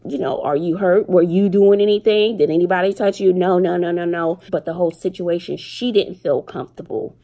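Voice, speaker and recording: A middle-aged woman and mother chatting casually to her viewers, telling stories with slang and animated retellings. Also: on the low side, brisk, few pauses. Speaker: vlogger and single mother. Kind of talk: casual chat to camera.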